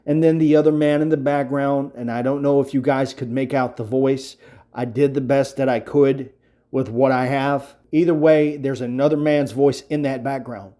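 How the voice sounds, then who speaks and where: A man's voice: mid-range voice, fairly even intonation, moderate pace, mellow. A man hosting an earnest casual commentary, talking emphatically and repeating his points with frequent fillers. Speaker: commentary channel host.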